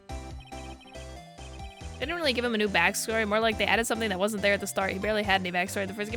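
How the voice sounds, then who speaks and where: Excitable young woman streamer with a bright, sharp voice who swears freely during casual let's-play commentary. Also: medium pitch, fairly quick, faint music behind. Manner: excitable, swears a lot, laughs often.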